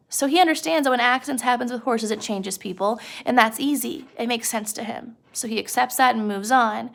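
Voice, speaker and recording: A woman's voice: on the high side, vocal fry, a bit bright. A young woman teaching a literature lesson in a chatty, casual way, addressing the listener directly and using lots of fillers.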